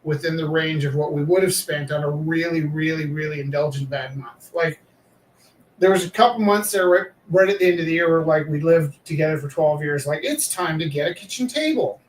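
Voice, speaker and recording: A live-streaming artist chats casually while drawing, rambling along with plenty of fillers. His voice is a little high and a little fast, with a steady tone, and the echoey room, distant mic and faint noise are audible.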